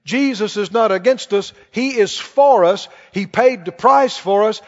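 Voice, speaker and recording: A man's voice: high voice, a little slow. A man preaching a sermon to a congregation, asking the audience questions as he goes. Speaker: pastor. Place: large church hall. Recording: dull reverberant church recording.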